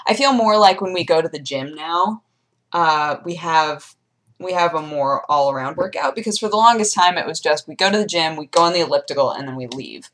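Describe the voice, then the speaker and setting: A young woman vlogger chatting casually, telling animated stories and jumping into high squeaky voices for her pets. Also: a little fast. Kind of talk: casual chat.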